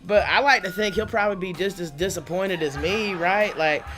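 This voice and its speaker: Woman comic, animated rambling delivery, faint music underneath. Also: fairly low pitch, moderate pace. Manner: animated, chatty, laughing often. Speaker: stand-up comedian. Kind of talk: stand-up comedy set. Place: studio under lights.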